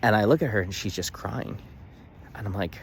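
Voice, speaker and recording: A man's voice: fairly low pitch, brisk, vocal fry, slight background noise. A young man vlogging, telling a story casually with emphatic bursts and lots of fillers and restarts.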